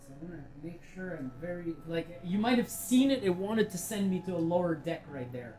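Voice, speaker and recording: A woman's voice: on the low side, expressive, brisk, warm tone, a little hiss or hum, poor audio. A woman giving casual, enthusiastic commentary while playing a virtual reality game, chatty and swearing freely. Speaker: VR game reviewer.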